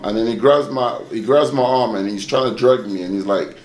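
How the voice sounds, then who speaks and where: A young man from London with a London accent, a guest telling animated stories in a casual interview. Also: mid-range voice, brisk, few pauses, echoey room, soft background music. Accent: London English. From London, England. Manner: animated storyteller, acts out quoted voices.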